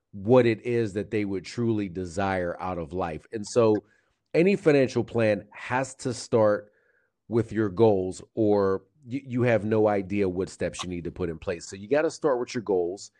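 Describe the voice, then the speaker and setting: A man with a fairly low, mellow voice talks as a guest advisor. He explains things steadily and patiently, with the odd filler and restart. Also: a little slow. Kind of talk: explanatory interview answers.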